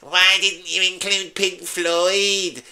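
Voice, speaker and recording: A man's voice: sits high, level tone, slow, bright, forceful tone, voice pushed up, exaggerated voice. A man putting on the whiny voice of a nagging male prog fan who moans in the comments. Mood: complaining.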